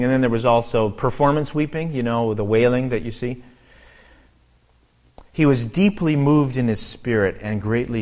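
A man teaching a Bible passage verse by verse, reading the text and then explaining it in a relaxed, conversational way with asides and fillers. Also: medium pitch. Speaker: preacher.

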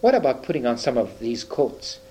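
A sensible, practical girl from a storybook, as a man reading aloud puts her on. She speaks in a brisk, coaxing lilt, pitched a little above his normal reading voice, and her tone rises and falls freely. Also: very animated, dark tone, slight background noise, lightly acted, rough recording. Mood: worried.

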